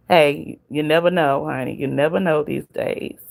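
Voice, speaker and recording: Her voice is low, gravelly and a little mellow. She's a Southern US livestream host with a Southern accent who talks right to her chat on a casual stream, laughing often.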